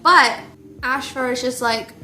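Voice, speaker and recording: A young woman casually retelling a book series, animated and jokey. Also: high-pitched, measured pace, soft background music. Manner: animated, gushing, jokey storytelling. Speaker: book reviewer. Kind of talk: casual chat.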